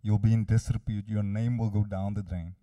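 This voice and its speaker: A man's voice: on the low side, fairly even intonation, moderate pace, warm tone. A man voicing a taunting accuser. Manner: mocking, threatening. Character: taunting male accuser voice, shaming.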